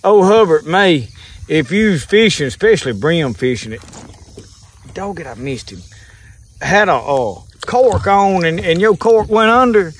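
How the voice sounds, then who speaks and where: A man's voice: sits high, animated, a little slow, breathy edge. A man with a Southern US accent talking casually from a kayak on a pond, folksy and rambling, chuckling as he goes. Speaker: fishing vlogger. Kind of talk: casual outdoor talk to camera. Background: insects and crickets.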